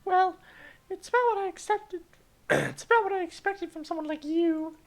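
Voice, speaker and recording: A man voicing a bratty, blunt teenage schoolgirl in a shaky falsetto, with a snappy, sharp-tongued manner. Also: moderate pace, vocal fry. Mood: snippy.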